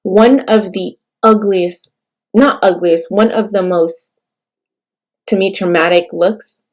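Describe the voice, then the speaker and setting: A young woman from California tells a personal birth story in a halting, tearful way, full of fillers and restarts. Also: mid-range voice. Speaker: vlogger sharing a birth story.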